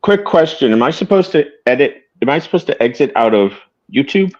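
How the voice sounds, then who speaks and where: A man's voice: medium pitch, lively intonation, brisk, muffled recording. A man joining a livestream as a guest, playful and a bit unsure. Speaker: stream guest. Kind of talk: casual chat.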